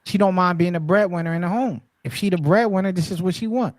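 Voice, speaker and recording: High-voiced, slangy man hosting a chat. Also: fast talker, no echo. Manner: animated, interrupts a lot, slangy and repetitive. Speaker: podcast host. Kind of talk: casual panel chat. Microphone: headphones on a remote call.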